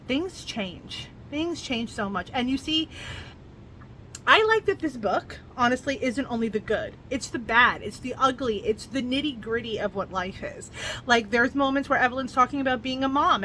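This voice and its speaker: A woman's voice: on the high side, pushed and bright, a little hiss or hum. Earnest woman retelling a novel's plot. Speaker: book reviewer. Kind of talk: casual book review vlog.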